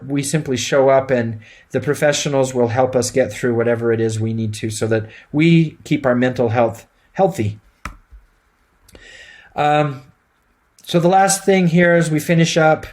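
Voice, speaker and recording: A man's voice: medium pitch, a little mellow. A middle-aged man giving an instructional lecture to emergency medical students, speaking plainly and conversationally with frequent fillers. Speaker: EMT instructor.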